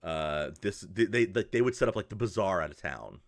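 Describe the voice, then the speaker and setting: A man narrating as game master, with a fairly low voice. His descriptions ramble loosely, with lots of "like" and restarts. The sound is dry and close to the mic. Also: animated, fairly quick, creaky, no echo. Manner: rambling, many fillers and restarts.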